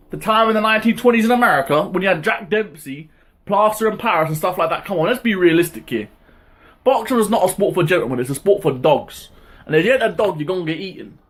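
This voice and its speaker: A man hosting his own boxing talk channel, ranting in a heated, casual way, with lots of swearing and sudden high-pitched outbursts. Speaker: boxing commentary vlogger. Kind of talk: casual opinion rant.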